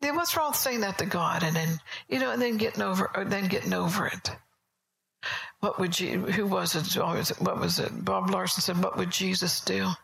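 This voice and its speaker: A woman preaching a sermon at a church service, telling stories in a conversational way, often soft and whispery. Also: medium pitch, a little fast, gravelly, poor audio.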